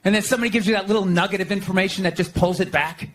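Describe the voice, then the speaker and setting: A man's voice: high-pitched, steady tone, rapid-fire, few pauses. An American man in his fifties doing stand-up comedy, sarcastic and profane. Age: 50s. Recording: loud noisy live recording.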